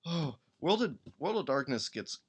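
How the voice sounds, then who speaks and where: A man's voice: on the high side, very animated, moderate pace, breathy edge. A man hosting a live-streamed tabletop game podcast, chatting casually and rambling as he reads rules text aloud and hums to himself while he looks things up. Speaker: podcast host building a game character.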